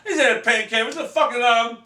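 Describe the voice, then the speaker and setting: A man ranting in a video blog, profane and rambling, who breaks into shouts, recorded in a back room of his house. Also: very high voice, quick pace, far from the mic. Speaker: video game vlogger. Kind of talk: profane game-console rant. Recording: echoey room, voice off-mic.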